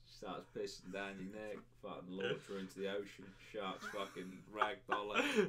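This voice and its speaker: A man's voice: sits low, lively intonation, moderate pace, fairly bright tone, a little hiss or hum. Sweary young man hosting a podcast. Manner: crude, sweary, jokey, laughs often. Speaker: podcast host. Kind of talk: casual podcast banter reading chat comments.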